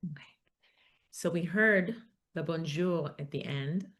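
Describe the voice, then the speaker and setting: Woman presenting a paper, low voice, thinks out loud with lots of ums. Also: slow pace. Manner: thoughtful, hesitant with many fillers. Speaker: academic speaker. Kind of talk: conference talk.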